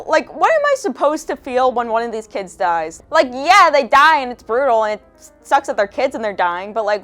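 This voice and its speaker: A young woman giving a casual commentary rant as a video essayist, profane, sarcastic and exasperated. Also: sits high.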